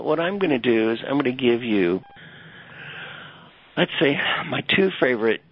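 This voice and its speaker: An older man, a leadership coach and guest, telling stories with animated emphasis over dull lo-fi audio. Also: low voice, vocal fry, breathy edge. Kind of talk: storytelling interview answer.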